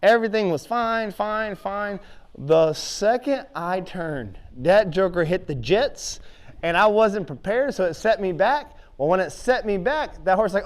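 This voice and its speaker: High-voiced, animated man teaching horse riding. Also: unhurried. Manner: animated, vivid storyteller who acts out his reactions. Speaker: horse trainer. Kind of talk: storytelling and hands-on riding instruction.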